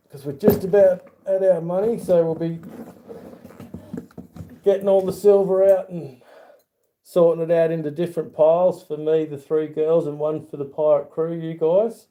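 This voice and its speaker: A man's voice: a little high, dark tone, slight background noise. A middle-aged Australian man hosting a casual livestream, rambling in a friendly way and reading viewer comments aloud. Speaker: YouTube channel host.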